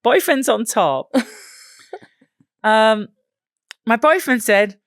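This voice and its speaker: A woman co-hosting a podcast, reading listener stories aloud in a giggly, lively way, with an English accent. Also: fairly high pitch, takes it slowly, long pauses, no echo, clean studio sound. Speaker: podcast co-host.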